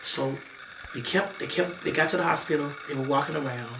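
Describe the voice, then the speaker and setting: A woman guest speaks fairly quickly in a low-pitched voice with vocal fry, recounting a painful family story in an interview. Her telling is emotional, emphatic, and repetitive, with relatives' remarks acted out. The echoey room carries background noise.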